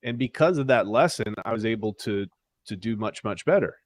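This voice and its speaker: A man's voice: on the low side, brisk. Candid man in casual podcast chat. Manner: candid, animated, restarts often. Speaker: podcast host.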